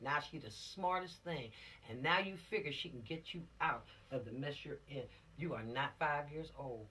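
A woman police officer with an extremely low-pitched voice, pushed and bright, teaches teenagers a law lesson, heard from a distance. She tells it dramatically, using rhetorical questions and acting out scenes.

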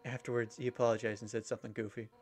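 A man's voice: mid-range voice, little pitch movement, very fast, close to an everyday voice. A man voicing a brash fish warrior woman. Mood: wistful. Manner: loud, boastful, blunt. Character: brash fierce female fish warrior captain. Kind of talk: reading game dialogue aloud.

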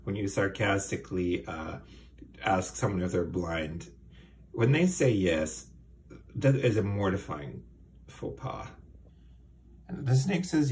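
Low-voiced guy snarking his way through a kids book, faint hiss behind. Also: expressive, takes it slowly, long pauses, darkish tone. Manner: dry, sardonic asides. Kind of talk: sarcastic comedic book reading.

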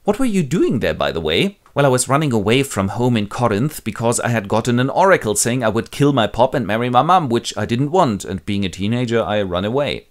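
A man's voice: mid-range voice, sing-song, brisk, hardly any pauses, lightly acted. A man voicing a brash young king who blusters and swears. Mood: panicked.

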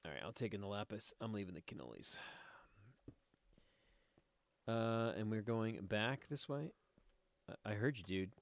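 A man's voice: fairly low pitch, expressive, brisk, no room sound. A man giving casual, rambling commentary while playing a game, easily sidetracked and chatting to viewers and to the creatures on screen. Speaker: let's play host.

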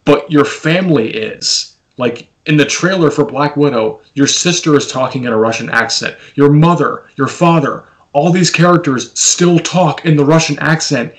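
A man's voice: a little high, normal speed, few pauses, rough recording. A man hosting a casual film podcast over a video call, rambling, laughing often and acting out what people say. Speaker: podcast host.

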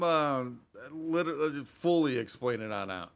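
A man's voice: mid-range voice, expressive, takes it slowly, a bit bright, clean tone. Guy doing let's play commentary, chatty, lots of ums and restarts. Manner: rambling, hesitant, chatty asides. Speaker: gaming YouTuber.

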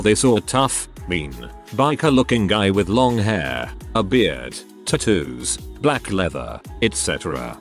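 A man with a fairly low voice reads a compilation of online stories as a scripted narration. His pitch moves around a lot, and he spells out abbreviations letter by letter. Soft background music plays underneath.

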